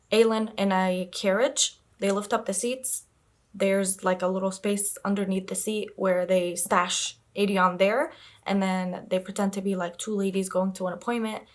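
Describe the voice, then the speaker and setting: A young woman in a casual reading vlog, chattily rambling through a plot recap with lots of filler words. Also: medium pitch. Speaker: book vlogger.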